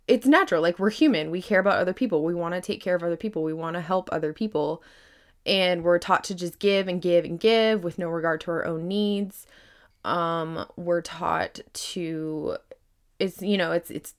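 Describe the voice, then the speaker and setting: Woman, podcast host, slightly low voice, casual rambling monologue, fillers and swearing, earnest and emphatic. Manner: earnest, grows emphatic and animated when making a point.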